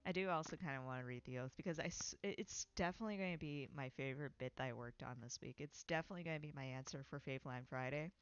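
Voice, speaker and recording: A writing-stream host talks casually about their own story, rambling and correcting themselves mid-sentence. The voice sits at a middle pitch. The sound is dry and slightly muffled, close and without room echo. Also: rapid-fire, hardly any pauses, smooth. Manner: rambling, self-correcting, with frequent fillers and laughs.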